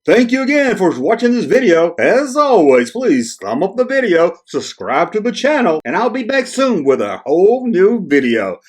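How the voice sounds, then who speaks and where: A man putting on an exaggerated, high, bouncy British accent to sign off a video. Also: sing-song, moderate pace, hardly any pauses. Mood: chirpy.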